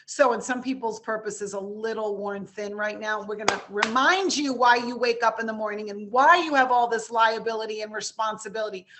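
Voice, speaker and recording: A woman from New York with a New York accent, hosting a webinar and wrapping it up in a brisk, chatty, enthusiastic way over a video call. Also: fairly high pitch, background noise. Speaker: webinar host. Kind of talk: casual webinar wrap-up.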